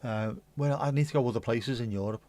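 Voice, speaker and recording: A man's voice: medium pitch, fast, darkish tone. A man hosting a casual livestream, rambling and chatty, swearing casually and humming little tunes. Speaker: livestream host.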